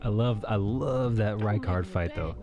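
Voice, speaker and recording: A man's voice: on the low side, unhurried, dark tone, muffled recording, faint music behind. Laid-back swearing male stream host. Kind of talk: casual chat.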